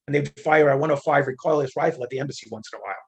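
An older man telling war stories as an interview guest, animated, acting out quoted dialogue with many fillers. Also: mid-range voice, very fast, breathy edge. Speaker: interview guest, retired federal agent. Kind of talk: conversational storytelling.

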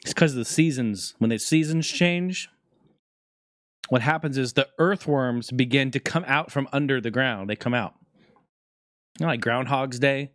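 A man chatting as a show's host, loose and foul-mouthed, telling jokey stories with animated energy. His voice sits at an ordinary middle pitch. The sound is close and dry, with no room around it. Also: normal speed, no echo. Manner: profane, jokey, animated storytelling. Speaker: podcast host. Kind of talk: casual rambling monologue.

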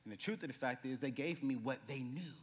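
A man in his late thirties, a guest preacher telling humorous stories in a sermon, moving between loud bursts and hushed moments. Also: medium pitch, a little fast, background noise. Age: 30s. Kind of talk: sermon with storytelling. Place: church sanctuary. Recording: reverberant church hall.

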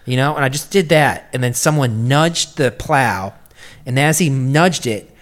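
A man's voice: mid-range voice, unhurried. A young man telling a story in casual chat, swearing freely and acting out the voices of people he quotes. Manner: animated, swearing, acts out quotes in a raised voice.

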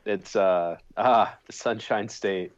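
A man in relaxed conversation with a slightly low voice, making dry remarks and chuckling now and then. The recording sounds dull and lo-fi. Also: slow pace. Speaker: podcast co-host. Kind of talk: casual chat.

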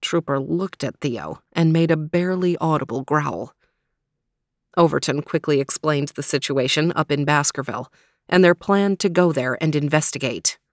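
A woman narrating a children's storybook in a measured reading voice. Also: low-pitched, dry recording, studio quality. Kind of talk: storybook read-aloud.

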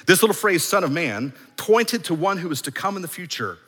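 A man's voice: high voice, very animated, fairly quick, a bit bright, slightly rough. A man preaching a sermon as pastor, emphatic and building in force, with phrases repeated for weight. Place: church sanctuary. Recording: long hall reverb in a church.

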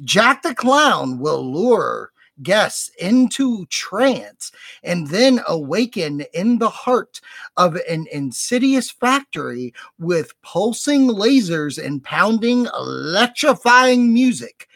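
Slow, lively woman podcast host. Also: medium pitch, vocal fry, no room sound. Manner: reads announcements then adds excited comments. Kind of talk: casual chat and reading news.

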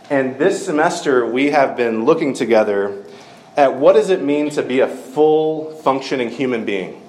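A man's voice: mid-range voice, lively intonation, normal speed, a little mellow, slight background noise. Casual man preaching with lots of fillers. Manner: conversational, many fillers like "like" and "um". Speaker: campus minister preaching. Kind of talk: casual storytelling sermon.

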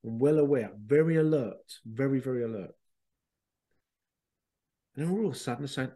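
Chatty man with a mellow voice. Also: medium pitch, moderate pace, long pauses. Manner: animated, chatty, laughs and swears while telling stories. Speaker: spiritual medium and podcast host. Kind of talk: casual storytelling.

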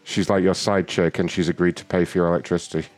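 A man's voice: low voice, flat delivery, fast talker, no echo, soft background music. A man hosting a prank call show, brash and profane in casual banter. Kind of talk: casual chat and prank calls.

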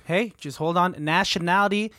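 A man's voice: normal speed, bright, forceful tone, no echo, studio quality. A young man co-hosting a casual chat, joking around and laughing often. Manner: playful, laughs often, mock sales pitch. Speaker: podcast co-host. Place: small room at a table. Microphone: studio mic, camera present.

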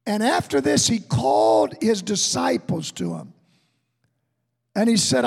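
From the pulpit of a church sanctuary, a pastor with a high, husky, gravelly voice delivers a slow, drawn-out sermon that echoes long through the hall. He shifts from folksy stories to fervent exhortation, his pitch swinging enormously.

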